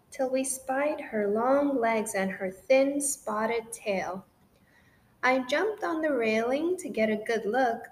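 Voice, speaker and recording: A woman reading a rhyming children's picture book aloud in an expressive, sing-song way. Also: on the high side. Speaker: storybook reader. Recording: roomy echo with faint noise.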